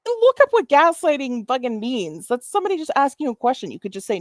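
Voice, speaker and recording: A woman's voice: sits high, huge pitch swings, quick pace, no echo, studio quality. A woman hosting a casual stream, talking in a profane, mocking, rambling way with lots of fillers. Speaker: host.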